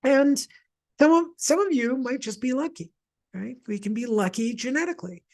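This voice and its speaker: A woman's voice: sits high, lively intonation, moderate pace, darkish tone. A woman from Montreal leading a guided wellness session, chatty and rambling with lots of asides. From Montreal, Canada. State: mild asthma. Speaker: energy healer leading a session.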